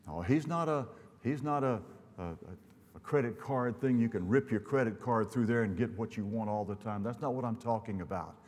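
A man's voice: medium pitch, moderate pace, a little mellow. An older man from Louisiana preaching a sermon in a church, telling folksy humorous stories. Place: church sanctuary. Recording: long hall reverb.

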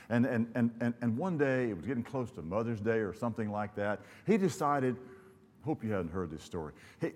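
A man's voice: fairly low pitch, darkish tone. An older man from Louisiana preaching a sermon in a church, telling folksy humorous stories. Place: church sanctuary. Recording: long hall reverb.

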